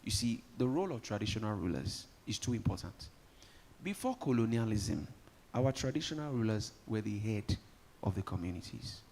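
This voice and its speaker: A Nigerian event host, lively and joking, rallies the audience and banters with guests while emceeing a live summit from a conference hall. His gravelly voice sits on the low side at a moderate pace, with slight background noise.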